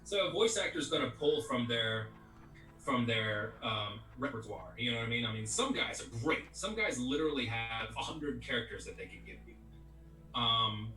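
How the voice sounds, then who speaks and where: Through an echoey, distant mic with faint music behind him, a middle-aged male voice actor rambles casually in an interview, full of "you know what I mean." He has a mid-range voice with lively intonation, normal speed and a sharp tone.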